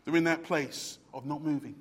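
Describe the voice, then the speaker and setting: A high-pitched man preaching in a church hall with a long, ringing reverb. He swings between quiet, low passages and loud, pleading ones, and repeats words as he builds his point. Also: fairly even intonation, normal speed. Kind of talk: sermon.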